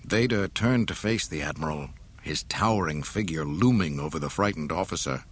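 A man reading a storybook aloud in a dramatic, expressive way. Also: rumbling low, moderate pace. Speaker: narrator. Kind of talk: storybook narration.

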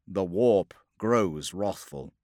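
A man voicing a stern male psychic space-marine commander in an audiobook, with low, measured, brooding commands. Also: animated, dark tone, dry recording, clean studio sound.

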